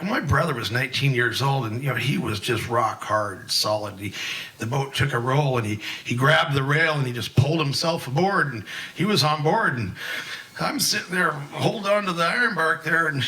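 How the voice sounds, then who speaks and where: Older man, folksy open-mic storyteller, bright voice a little off mic, rambling with fillers. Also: a little high, distant mic, poor audio. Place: live event in a museum hall.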